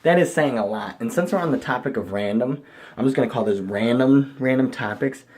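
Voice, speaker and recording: A young man from the area, rambling excitedly to camera in a casual vlog, bursting into loud enthusiasm then dropping to mumbled asides. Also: medium pitch, fairly quick. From Chicago area, USA. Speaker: vlogger.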